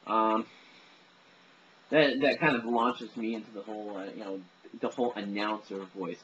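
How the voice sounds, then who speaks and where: A man's voice: lowish voice, fairly even intonation, a little fast, fairly bright tone. A man chatting casually as he demonstrates his voices, rambling and self-deprecating. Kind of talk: casual chat to camera. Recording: dull lo-fi recording with faint noise.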